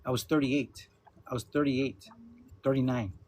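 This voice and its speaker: A middle-pitched man in his fifties hosts a loose livestream chat from home. He laughs often and swears freely. A faint hum of room ambience sits under his voice. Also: fairly even intonation, normal speed, darkish tone. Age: 50s. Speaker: livestream host.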